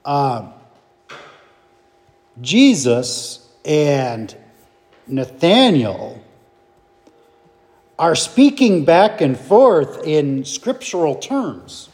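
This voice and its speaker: A man leading a Bible study, reading scripture aloud and explaining it in a deliberate way with restarts and fillers. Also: on the high side, sing-song, a little mellow. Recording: long reverb from a hall.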